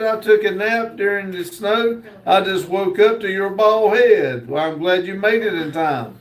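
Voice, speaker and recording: A man hosts a livestream and reads viewer comments out in a slow, relaxed drawl, pausing often and joking as he goes. His voice sits high for a man. The sound carries a roomy echo. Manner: slow drawl, unhurried, joking, with frequent "uh" pauses. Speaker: livestream host. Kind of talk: casual livestream chat, reading viewer comments aloud.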